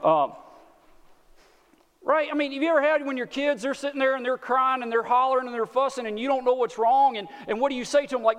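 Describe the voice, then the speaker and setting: A man's voice: very high voice, a little fast, a bit bright, clear, resonant tone. A man with a Texan accent preaching a sermon in a folksy, earnest way, often repeating words as he speaks. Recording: long hall reverb.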